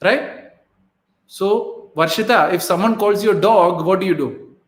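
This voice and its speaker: A man with a notably high voice coaches his listeners on a live online show. He talks emphatically and keeps asking "right?" to pull them along. The sound rings in an echoey room. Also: unhurried. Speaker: host and life coach.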